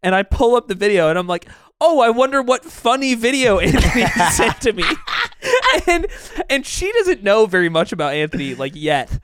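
A young man co-hosting a podcast, telling a story in a giggly, animated way. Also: high-pitched, normal speed, clean tone, dry recording. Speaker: podcast co-host. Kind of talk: casual chat.

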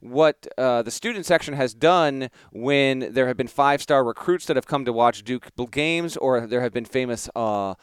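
A man's voice: medium pitch, normal speed, hardly any pauses, smooth, no echo. Co-host, male, rambling filler-heavy explainer, clean dry close sound. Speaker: sports podcast co-host. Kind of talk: late-night casual sports chat.

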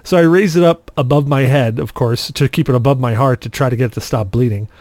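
A man co-hosting a podcast, telling a story in a casual, animated way and acting out the quotes. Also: mid-range voice, fast talker, dry recording. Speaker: podcast co-host.

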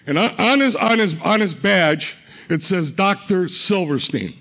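A middle-aged man telling a personal faith testimony, earnest and halting, often repeating words and restarting. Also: high-pitched, animated, bright, forceful tone. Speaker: speaker giving a faith testimony.

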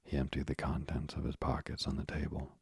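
A man with an extremely deep, flat voice narrates a classic novel as a sleep story. His voice is dark and husky, and he reads softly and slowly. The sound is dry and close. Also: no room sound. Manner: soft, hushed, slow. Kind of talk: slow, soothing sleep-story reading.

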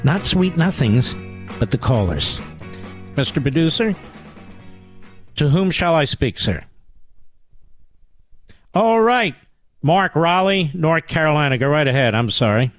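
A man's voice: a little high, big pitch swings, measured pace, long pauses, no room sound, faint music behind. A man hosting a talk radio show, indignant and emphatic, repeating his points for effect. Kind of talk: talk radio monologue and calls.

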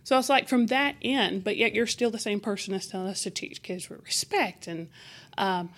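Animated woman teacher telling stories. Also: mid-range voice, moderate pace. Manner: animated, acts out quoted exchanges. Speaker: teacher, interview guest. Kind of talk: conversational storytelling.

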